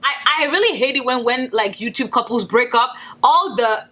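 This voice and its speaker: Bright, blunt young woman vlogger. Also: fairly high pitch, moderate pace. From Nigeria. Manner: blunt, profane, animated rants with mocking put-on quotes. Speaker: beauty vlogger. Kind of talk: casual commentary vlog.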